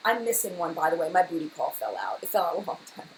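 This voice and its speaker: Fast-talking chatty woman host. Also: fairly low pitch, sing-song, a little hiss or hum, low-quality recording. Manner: fast, chatty, rambling with many fillers. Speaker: beauty channel host. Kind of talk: live-stream chat answering viewers.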